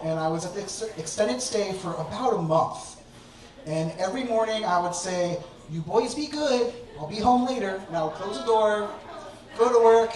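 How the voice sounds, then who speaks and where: A man telling a personal story on stage to a live audience, with an animated, self-mocking comic delivery. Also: sits high. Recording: echoey hall, distant mic, audience laughter.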